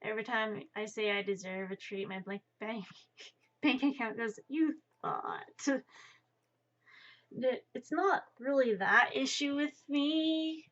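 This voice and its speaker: A woman's voice: fairly high pitch, unhurried, a bit bright. A young woman streaming from home, chatting casually in a rambling, self-deprecating way and swearing offhand. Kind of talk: casual live-stream chat while drawing. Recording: dull lo-fi stream mic.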